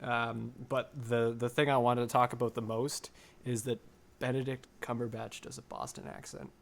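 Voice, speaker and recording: A man's voice: mid-range voice, normal speed, creaky. A man co-hosting a casual podcast chat, rambling through what he watched with plenty of fillers. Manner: rambling, animated storytelling with fillers. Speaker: podcast co-host.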